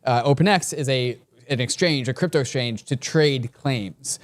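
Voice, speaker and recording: A man's voice: mid-range voice, measured pace. Chatty man co-hosting a podcast. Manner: chatty, lots of "like" fillers. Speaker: podcast co-host. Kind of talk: casual chat.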